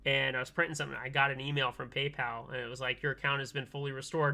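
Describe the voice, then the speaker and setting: A man streaming from his workbench, telling a long story in animated casual chat and acting out both sides of a phone call. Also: fairly high pitch, fast, creaky, hardly any pauses. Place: home workbench, soldering keyboards.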